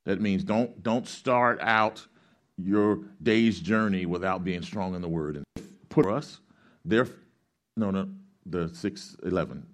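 A man's voice: deep voice, slow pace. A male pastor preaching a sermon. He reads scripture aloud, explains it like a teacher, and asks the congregation questions for them to answer back. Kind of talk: sermon with call-and-response.

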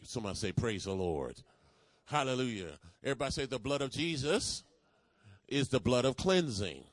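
A man delivering a sermon in a mid-range voice, calling on the congregation to repeat after him. He builds from measured teaching to loud, emphatic proclamations. The sound is dry and close. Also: medium pitch, no echo. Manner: call-and-response preaching, rising to emphatic declarations. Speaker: pastor.

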